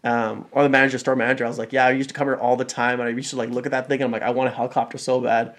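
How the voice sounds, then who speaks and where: Fast-talking man, halting restarts. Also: mid-range voice, little pitch movement, a bit bright. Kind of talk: casual podcast chat.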